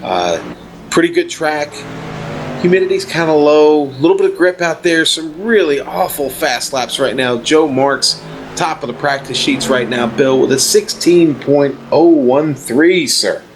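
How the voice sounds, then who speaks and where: A man commentating on a sim racing broadcast in a relaxed, chatty way. He leans on fillers like "uh" and "you know," and the line carries a faint hiss. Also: fairly high pitch, measured pace. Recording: faint background noise.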